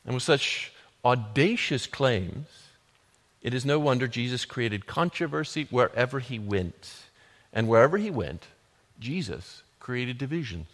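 A man preaching a sermon, building from quiet, measured lines to loud, emphatic declarations. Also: medium pitch, animated. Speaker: pastor. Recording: long hall reverb.

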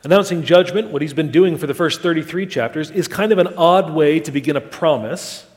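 A man preaching a sermon in a measured, emphatic way, asking rhetorical questions. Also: on the high side. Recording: long hall reverb.

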